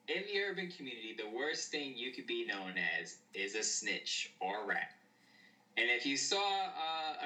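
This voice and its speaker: A man's voice: medium pitch, sharp tone, recorded from a distance, low-quality recording. A man in his late twenties co-hosting a casual sports chat, giving earnest, opinionated takes. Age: late 20s. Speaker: podcast co-host.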